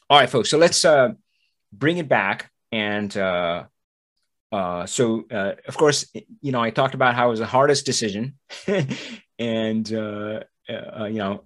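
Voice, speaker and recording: A man hosting a podcast, talking in a motivational monologue and acting out the voices of the people he quotes. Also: mid-range voice. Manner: animated, acts out quoted voices. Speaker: podcast host. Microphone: studio mic, audio only.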